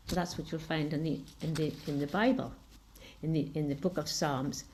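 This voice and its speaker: A woman with a Scottish Highland accent giving an online academic talk over a video call, measured and explanatory, sometimes restarting a word. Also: fairly even intonation, darkish tone, slight background noise. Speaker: lecturer.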